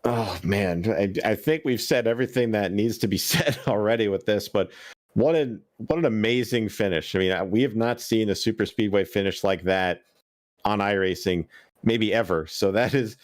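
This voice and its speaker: A man commentating a sim racing broadcast, chatty and quick to laugh. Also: fairly low pitch, dry recording. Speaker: color commentator.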